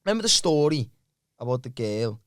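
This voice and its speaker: A man's voice: mid-range voice, big pitch swings, brisk, fairly bright tone, no room sound, clean studio sound. A young adult man, co-hosting a comedy podcast and rambling through a sweary story full of "lad" and "like". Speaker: podcast co-host. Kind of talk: casual storytelling chat.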